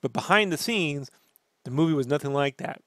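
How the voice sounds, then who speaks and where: A man hosting a casual podcast, ranting and swearing in an animated way. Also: on the high side, fairly quick, no echo, clean studio sound. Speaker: podcast host.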